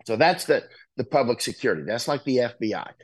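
A man's voice: mid-range voice, lively intonation, quick pace, breathy edge, poor audio. A man talking casually and explaining at length, often checking in with "right?" and "you know".

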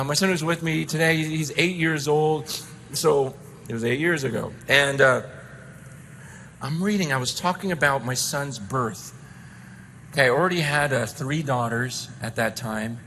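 A middle-aged male pastor preaching a sermon, impassioned, dropping to a hush and rising to shouts. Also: high voice, slight background noise. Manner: impassioned, swinging from hushed to shouting.

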